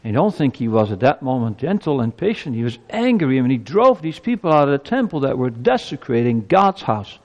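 A man's voice: mid-range voice, big pitch swings, a little fast, hardly any pauses, darkish tone, highs cut off. A male pastor giving a sermon in a church, earnest and emphatic, his voice climbing as he presses his points. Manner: earnest, emphatic preaching with rising intensity. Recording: long reverb of a church hall.

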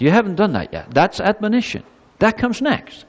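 A man's voice: sits high, normal speed. Man preaching in a reverberant hall. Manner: animated preaching, voicing God's words in a warm, pleading tone. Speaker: pastor. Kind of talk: sermon.

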